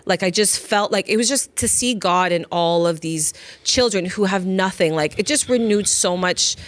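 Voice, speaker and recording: A woman in her thirties or forties co-hosting a podcast, telling her faith story earnestly in quick bursts. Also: mid-range voice, no echo. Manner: earnest, talks in bursts with many fillers and restarts. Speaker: podcast co-host. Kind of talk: heartfelt faith conversation.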